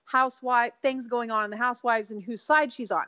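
High-voiced woman gossiping animatedly. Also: brisk, no room sound, highs cut off. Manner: animated gossipy storytelling, laughs often. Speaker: podcast co-host. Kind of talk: casual chat.

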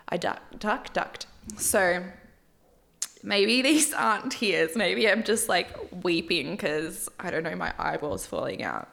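A woman's voice: fairly low pitch, very animated, moderate pace, vocal fry, fairly bright tone. A woman with an Australian accent hosting a reality TV recap in casual chat, gushing, swearing freely and giggling often.

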